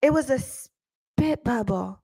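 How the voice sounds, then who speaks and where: A woman attorney hosting a show, telling stories in a casual, slangy, animated way with laughing asides. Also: high-pitched, takes it slowly, breathy edge. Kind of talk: casual storytelling chat.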